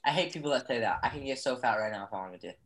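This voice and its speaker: A man's voice: mid-range voice, lively intonation, racing, a bit bright. A teenage boy talking as a podcast guest, arguing his points insistently among friends. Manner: argumentative, insistent. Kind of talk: casual chat with friends.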